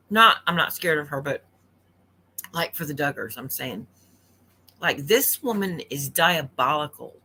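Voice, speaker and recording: A woman's voice: low voice, sharp tone, slight background noise. A woman giving blunt, indignant livestream commentary from home late at night, repeating herself for emphasis. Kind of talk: opinionated commentary rant.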